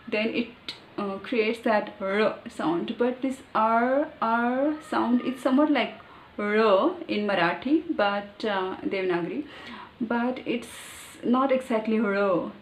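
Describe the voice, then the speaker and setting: A woman with an Indian English accent talking casually about learning pronunciation, thinking aloud with many pauses and fillers. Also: on the high side, a little hiss or hum. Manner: halting, thinking aloud, with fillers and demonstrated sounds. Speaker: language learner. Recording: echoey room, faint ambience.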